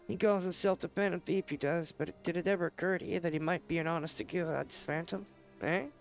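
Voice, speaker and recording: A man's voice: fairly high pitch, steady tone, normal speed, long pauses, highs cut off, faint music behind, pitched above the performer's own voice, natural voice. A man voicing a fierce, superstitious old mother grieving her son, in a theatrical rustic old-woman manner while reading game dialogue aloud. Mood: sly.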